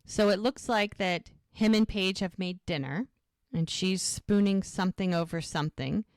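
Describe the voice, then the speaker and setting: A woman's voice: mid-range voice, normal speed, dry recording, clean studio sound. A woman co-hosting a podcast, chatting casually as she recaps a TV episode scene by scene and acts out the characters' lines. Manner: animated retelling with acted character quotes. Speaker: podcast co-host.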